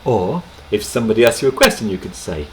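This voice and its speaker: A man teaching a language lesson to camera, explaining in an unhurried way with gentle pauses, recorded on a webcam microphone. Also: fairly low pitch, lively intonation, a little hiss or hum, poor audio.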